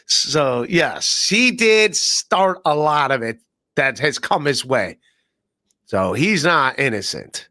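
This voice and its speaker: Guy hosting a podcast, high pitched, super lively up and down voice, loose chatty livestream vibe. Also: slow pace. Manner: animated, mimics people with sudden jumps in pitch. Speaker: podcast host. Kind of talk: casual livestream chat.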